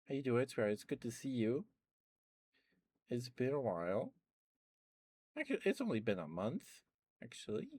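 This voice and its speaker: A young man chatting softly at home for an ASMR stream, rambling, laughing often and repeating phrases. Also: mid-range voice, sing-song, measured pace, long pauses, breathy edge, no echo. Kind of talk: soft-spoken ASMR chat.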